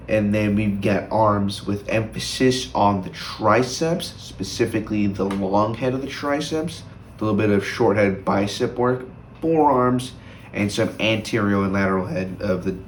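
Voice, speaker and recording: A young man with a somewhat low voice chats about his training in a loose, rambling vlog. He trips over his words and leans on fillers. The sound carries a noticeable room echo. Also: a little hiss or hum. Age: young adult. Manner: chatty, rambling, with many fillers and restarts. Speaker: fitness vlogger. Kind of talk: casual fitness vlog.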